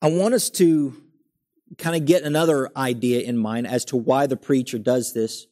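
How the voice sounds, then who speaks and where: A young adult man preaching a sermon, earnest and emphatic, building up his lines and then dropping to a quiet, settled tone. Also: mid-range voice, steady tone, normal speed.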